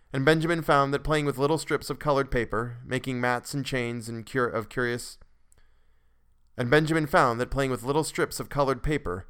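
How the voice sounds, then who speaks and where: A man narrating a classic story for a podcast in a measured way, with occasional restarts. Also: medium pitch, a bit bright, smooth.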